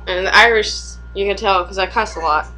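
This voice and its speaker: A woman's voice: mid-range voice, bright, forceful tone, a little hiss or hum, low-quality recording. A young woman and mother chatting casually at home for a vlog, rambling, swearing freely and laughing often.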